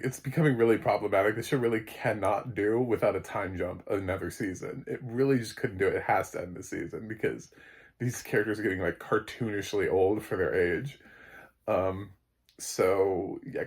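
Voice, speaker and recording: Low, gravelly man recapping an episode. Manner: rambling and chuckling, many fillers. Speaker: film critic. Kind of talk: casual episode recap and review.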